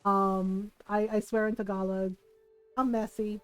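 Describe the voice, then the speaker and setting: A woman's voice: mid-range voice, little pitch movement, unhurried, clear, resonant tone, no room sound, faint music behind, low-quality recording. A woman streamer telling a family story in casual chat, swearing freely and tagging lines with "right?".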